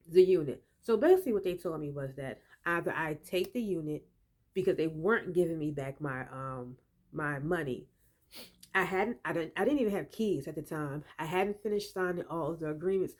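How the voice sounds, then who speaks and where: A woman's voice: fairly low pitch, darkish tone. A woman telling of a dispute with her landlord in a casual, emphatic and exasperated way, with frequent fillers. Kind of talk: casual spoken testimony.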